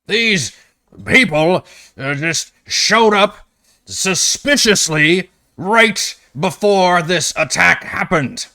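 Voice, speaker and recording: A man voicing an indignant, pompous male noble who protests loudly and pities himself. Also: high voice, expressive, drawn-out words, no room sound, studio quality, pitched above the performer's own voice, heavily acted. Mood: outraged. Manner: loud, outraged, self-pitying.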